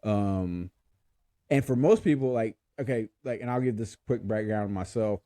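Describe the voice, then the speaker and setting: A man's voice: on the low side, normal speed, dark tone, no room sound, studio quality. A man hosting a podcast in casual chat, laughing often and stumbling over his words. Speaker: podcast host.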